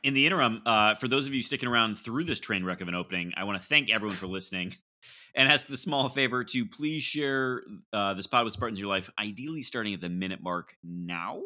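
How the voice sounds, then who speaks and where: A man's voice: on the low side, fast talker, bright, forceful tone. A man hosting a casual sports podcast, bantering loosely and laughing through his lines. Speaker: podcast host.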